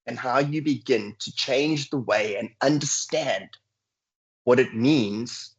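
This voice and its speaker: A man lecturing over a video call, his voice husky and a little breathy. The audio is dull and lo-fi. He talks earnestly and drops into sighing, weary inner voices to make his points. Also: mid-range voice. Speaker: guest lecturer. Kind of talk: webinar lecture.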